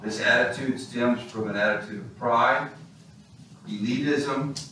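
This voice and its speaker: Animated male pastor in echoey church. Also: mid-range voice, a little slow, a little hiss or hum. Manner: animated, storytelling preacher. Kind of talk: sermon. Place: church sanctuary. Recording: echoey hall, distant mic.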